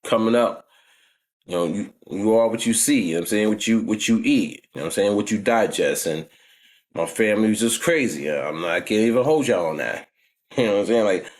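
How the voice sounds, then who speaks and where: A man's voice: fairly low pitch, animated, a little fast. A man in his forties with a New York accent, telling stories from his past in a casual vlog, heavy on street slang and frequent "you know what I'm saying.". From New York, United States. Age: 40s. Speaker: vlogger. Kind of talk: casual storytelling.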